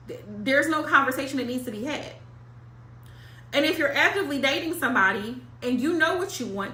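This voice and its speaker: A woman talks straight to her viewers about tarot with blunt, emphatic repetition, slang and the odd curse word. Her voice sits high and bright. The room gives it a noticeable echo. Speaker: tarot reader. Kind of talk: casual monologue to viewers.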